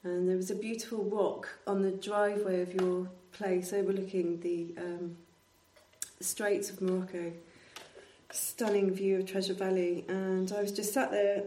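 A woman speaks in an animated, emotional way as she tells an anecdote. Her voice sits at a middle pitch. She is set back from the mic in a roomy, echoing space. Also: unhurried, a little hiss or hum. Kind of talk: casual conversational storytelling. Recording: roomy echo, distant from mic.

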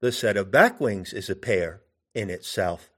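Slow, deliberate male teacher. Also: lowish voice, animated, a bit bright. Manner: deliberate, poses questions to the listener. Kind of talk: meditative teaching talk.

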